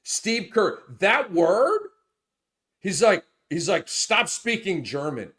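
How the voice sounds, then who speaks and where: Excitable guy hosting a fantasy hoops show, voice bouncing way up and down, ranty and jokey. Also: sits high, slow pace, husky. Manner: animated, swings from muttering to loud outbursts, swears. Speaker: fantasy basketball show host. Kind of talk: casual sports chat.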